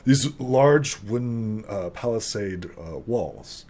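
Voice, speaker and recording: Young male game master, lowish voice, rambling casual narration. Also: animated, slow, darkish tone. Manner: rambling, heavy with fillers.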